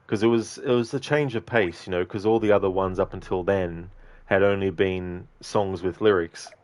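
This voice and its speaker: A man's voice: low-pitched, fairly even intonation, moderate pace, darkish tone, no room sound. A man streaming a video game, chatting casually with viewers, reading their names and laughing often. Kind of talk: casual livestream chat while gaming.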